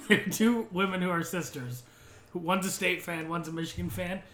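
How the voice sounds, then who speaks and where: A man telling casual stories on a podcast, animated and acting out what others said. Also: high-pitched, moderate pace, a crowd in the background. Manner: storytelling, mimics others with exaggerated voices. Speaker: podcast co-host, bar worker. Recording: roomy, echoey room sound.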